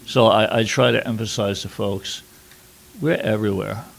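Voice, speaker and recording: A middle-aged war correspondent from New York City tells a personal story at a workshop. His fairly low voice is steady with vocal fry, and he speaks haltingly, with frequent fillers and restarts.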